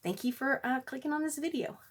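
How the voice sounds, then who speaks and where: A woman who is a parent, chatting casually in an unboxing vlog, gushing over what she opens, with many fillers and soft gasps. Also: high voice, expressive, a little fast, slightly rough. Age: adult parent. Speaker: beauty vlogger.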